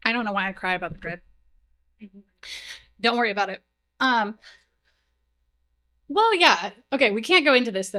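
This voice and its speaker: Young woman, conference speaker, casual and chatty, bright tense tone, filler-heavy, stage mic, mains hum. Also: on the high side, lively intonation, moderate pace, pauses often, dry recording. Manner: chatty, heavy use of "like" and "um", self-deprecating asides. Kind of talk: casual technical conference talk. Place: conference room, live talk. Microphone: stage mic, moves away while walking to slides.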